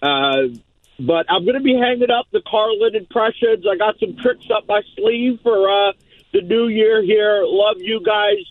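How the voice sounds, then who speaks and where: A man calling into a radio show from his mobile, speaking slowly in a mock-dejected, deadpan way. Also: high voice, no echo. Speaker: regular caller. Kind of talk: call-in. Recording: tinny phone line from a mobile.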